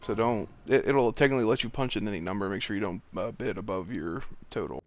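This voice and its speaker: A man's voice: lowish voice, fast talker. A man leading an online game raid over voice chat, calling out loot bids and directions in a matter-of-fact way. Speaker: raid leader running loot auction. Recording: dull lo-fi voice chat audio.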